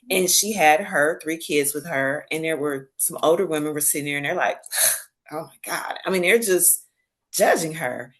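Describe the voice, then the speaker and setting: A woman with a fairly low voice tells stories animatedly in a casual podcast chat. She acts out the voices of the people she quotes and laughs as she talks. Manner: laughs while telling stories. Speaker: podcast guest. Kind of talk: casual storytelling conversation.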